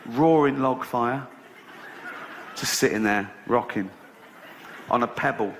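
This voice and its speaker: Male comic, mid-pitched voice, dry mocking storyteller who swears a lot, faint background noise. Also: slow. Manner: sardonic, swears freely, mock-innocent storytelling. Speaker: stand-up comedian. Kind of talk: stand-up storytelling.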